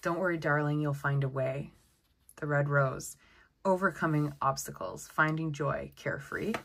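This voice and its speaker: A woman giving a casual tarot deck walkthrough, chatty and excitable, often exclaiming over the cards. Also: low-pitched, normal speed, creaky. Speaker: tarot content creator.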